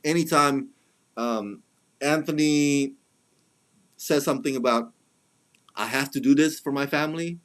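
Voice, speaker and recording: Speaking at a measured pace with long pauses, this film reviewer has a mid-range, fairly bright voice. His casual review is chatty, loaded with fillers and restarts, and he mocks others by imitating them when he quotes them.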